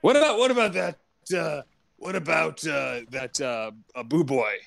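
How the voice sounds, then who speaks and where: A man playing a hesitant, starstruck fan calling into a show, halting and full of fillers. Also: on the high side, animated, gravelly, a bit bright, no echo, full character voice. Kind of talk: improvised comedy role-play.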